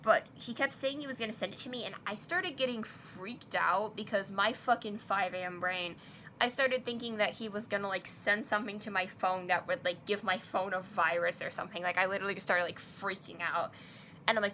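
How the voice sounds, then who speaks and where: Quoting herself and others to play out both sides of a conversation, a young woman vlogs a personal story in a loose, filler-heavy style. Her medium-pitched voice is sharp and a little fast, with some hiss or hum present.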